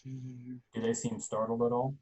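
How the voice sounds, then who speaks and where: A man playing in a tabletop role-playing game, talking through his moves deliberately. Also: medium pitch, level tone, dark tone, poor audio. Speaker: player. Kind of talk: casual tabletop play.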